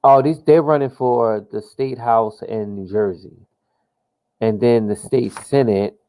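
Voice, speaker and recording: A man talks through a political simulation game as he plays, thinking aloud with frequent fillers and restarts. His voice is mellow and dark in tone, and he takes his time, moving at a slow, unhurried pace. He drops casual slang like "yo" as he goes. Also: medium pitch, steady tone, rough recording. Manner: slang-heavy, exclaims "yo" often. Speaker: gamer playing a political sim. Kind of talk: casual live gameplay commentary.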